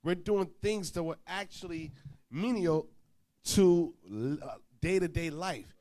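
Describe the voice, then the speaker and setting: A male preacher telling a travel story in an informal sermon, acting out both sides of the dialogue and swinging between loud and soft. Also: high voice, slow.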